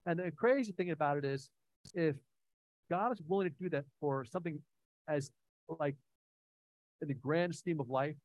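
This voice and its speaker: A man preaching with a slightly higher pitch than most men. He talks in an earnest, conversational way, full of restarts and fillers as he tells stories. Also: normal speed, pauses often, no room sound, low-quality recording. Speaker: pastor. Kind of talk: preaching sermon.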